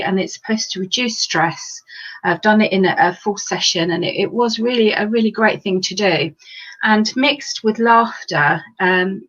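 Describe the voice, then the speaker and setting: A woman leading a laughter yoga class, explaining the exercises in a warm, encouraging way with a few fillers. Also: medium pitch. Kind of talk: guided exercise class instruction. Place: indoors at home, on a video stream. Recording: slightly dull lo-fi sound.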